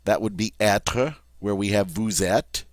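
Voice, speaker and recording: A man's voice: on the low side, a little slow, no room sound. A man teaching French grammar, patiently spelling out verb forms letter by letter. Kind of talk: recorded grammar lesson.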